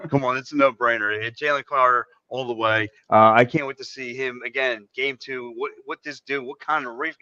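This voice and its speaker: A man's voice: mid-range voice, pushed and bright, dry recording, muffled recording. A man co-hosting a casual sports talk show, emphatic and given to exclaiming in disbelief. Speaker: podcast co-host.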